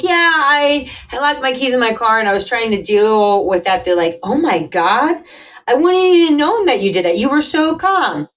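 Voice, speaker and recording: A woman's voice: fairly high pitch, distant mic, poor audio. A woman hosting a podcast, telling a personal story in a casual, chatty way and acting out what others said. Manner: chatty, animated, acts out quoted voices. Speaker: podcast host.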